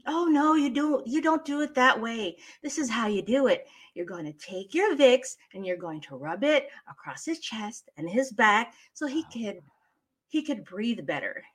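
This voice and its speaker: A no-nonsense mother scolding her child, her voice lifted high and bright as she lays down the rules, put on by a woman. She talks firmly and instructively, correcting and directing step by step. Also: expressive, a little slow, breathy edge, full character voice. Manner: firm, instructive.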